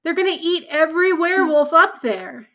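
A woman playing along in a story game, making joking, drawn-out asides. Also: extremely high pitch, lively intonation, fairly bright tone. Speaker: player. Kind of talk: casual banter during a story game.

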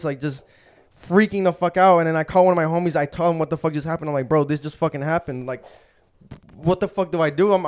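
A young man hosting a podcast, telling a story in casual, profane street slang. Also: fairly high pitch. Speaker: podcast host.

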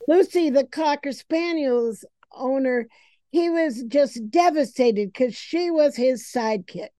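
A woman's voice: high voice, slow pace, warm tone, no echo. A woman co-hosting a podcast about pet grooming, talking frankly and casually. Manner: frank, conversational, laughs. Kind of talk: casual chat.

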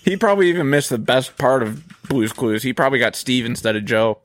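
A man's voice: medium pitch, lively intonation, fairly quick, no echo. A man co-hosting a casual podcast, making dry, sarcastic remarks. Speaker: co-host. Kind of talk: casual chat.

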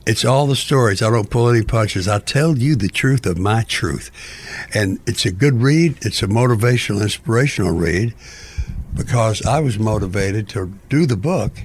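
A man's voice: on the low side, animated, moderate pace, darkish tone, slight background noise. An older man, a book author as guest, talking in a playful, theatrical, rambling way. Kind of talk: rambling interview talk.

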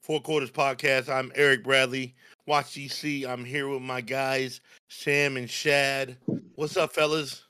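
A man's voice: mid-range voice, measured pace, clean tone, no echo. Joking man hosting a podcast. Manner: relaxed, joking, teasing. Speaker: podcast host. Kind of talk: casual chat.

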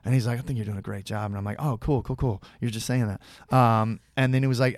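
Here a man talks fast in a mid-range voice with fairly even intonation, captured in clean, echo-free studio sound. As an actor guest, he rambles through a long story, restarting often and performing the quoted lines.

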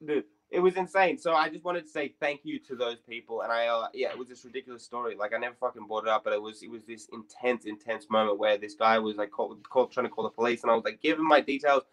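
A man's voice: medium pitch, quick pace, few pauses, low-quality recording. Young man ranting a story. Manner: rambling, swears a lot, animated retelling. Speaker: podcast host. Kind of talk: casual storytelling.

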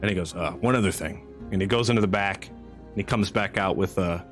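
A man narrating as game master in a tabletop game, laid-back and quick to laugh. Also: sits low, steady tone, faint music behind.

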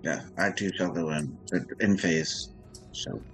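A man chimes in as a player at a tabletop game, his voice on the low side. He is playful and casual, and faint music runs behind him. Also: measured pace.

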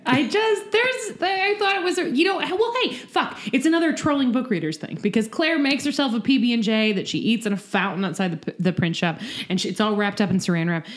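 A woman co-hosts a podcast in relaxed, casual chat. She sounds tired, swears freely and breaks into laughter often. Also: a little high, fast, hardly any pauses. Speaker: podcast co-host.

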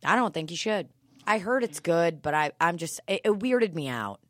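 A woman with a notably low voice talks in loose, rambling casual chat, dropping swear words and fillers as she goes. The sound is dry and close, with no room around it. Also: animated, normal speed, no echo. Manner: profane, rambling with lots of fillers.

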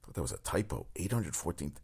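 Host: middle-aged man, very low voice, rambling profane sports chatter. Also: fast, creaky, breathy edge. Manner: rambling, profane, animated storytelling. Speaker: sports talk show host. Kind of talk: casual sports talk.

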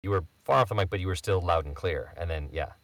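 A man's voice: low voice, quick pace, fairly bright tone, no room sound. A man co-hosting a casual podcast chat, explaining microphone technique in a matter-of-fact way as the show's audio guy. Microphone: studio microphone.

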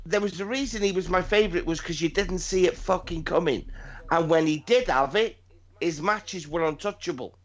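On a dull, lo-fi recording, a podcast host with a high voice talks wrestling at a normal speed. He rambles casually, curses often, and says the same words over and over.

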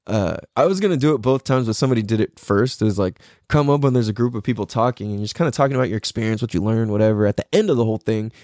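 A man's voice: mid-range voice, darkish tone, dry recording, clean studio sound. A man casually telling rambling, profane stories, often laughing and mimicking other people's voices. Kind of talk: casual storytelling.

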